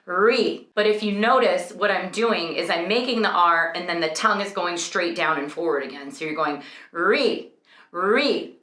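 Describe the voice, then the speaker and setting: Young woman vocal coach, bright voice, talks you thru tongue stuff then sings little vowel bits, kinda echoey room. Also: fairly low pitch, brisk, few pauses. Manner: explains clearly, breaks off into sung vowel demonstrations. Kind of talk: singing lesson demonstration.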